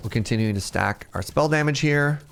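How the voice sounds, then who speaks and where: A man in his thirties giving casual, animated live-stream commentary as he plays, laughing often and chatting with his viewers. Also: medium pitch, fairly quick, creaky, faint music behind. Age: 30s. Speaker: game streamer.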